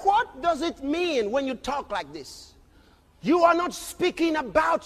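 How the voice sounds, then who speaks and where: A man preaching a sermon as a pastor, emphatic, often shouting and questioning his crowd. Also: very high-pitched, sing-song, measured pace. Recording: long reverb of a large hall.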